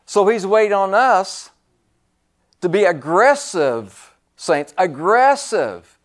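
A man preaching a sermon in a slightly raised voice. He talks slowly and pushes hard on key words. He repeats phrases for effect and drops from loud emphasis into hushed asides. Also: high-pitched, very animated.

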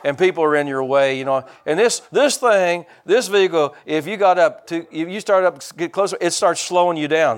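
Older guy preaching, jokey folksy sermon, kinda high voice, hollers at the crowd. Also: a little fast, few pauses, clear, resonant tone. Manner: folksy and joking, with loud calls to the congregation. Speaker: pastor.

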